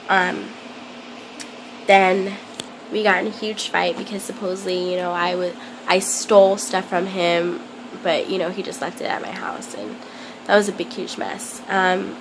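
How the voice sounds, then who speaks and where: A young woman telling a personal story to camera in a hesitant, halting way, full of ums. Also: mid-range voice, vocal fry, background noise. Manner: plain confessional telling. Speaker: vlogger.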